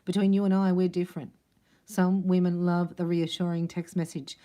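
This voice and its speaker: A woman's voice: on the low side, flat delivery, moderate pace, mellow. A woman giving a casual spiritual card reading, chatty and emphatic, acting out little dialogues. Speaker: psychic card reader.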